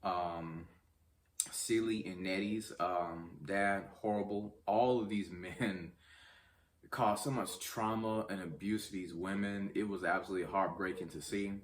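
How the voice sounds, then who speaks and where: A man's voice: sits low, fairly even intonation, a little slow, far from the mic, slight background noise. A man hosting his own movie review channel, chatting casually to viewers with lots of ums and restarts. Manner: chatty, talks straight to viewers; rambling, many ums and restarts. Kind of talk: casual film review vlog.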